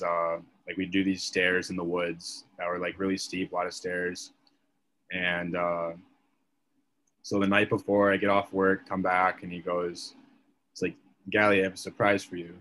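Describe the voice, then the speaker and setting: A man's voice: deep voice, fairly bright tone, a little hiss or hum. A young man, a podcast guest, telling a story in casual chat, leaning on "like" as a filler. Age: young adult. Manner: chatty, filler-heavy, leans on "like".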